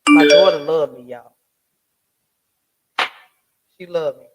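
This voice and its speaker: A man's voice: fairly high pitch, steady tone, slow, over loud music. A man hosting a casual commentary vlog, ranting emphatically with slangy, profane talk, rhetorical questions and stammering restarts. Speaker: online commentary host. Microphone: home desk mic with soundboard.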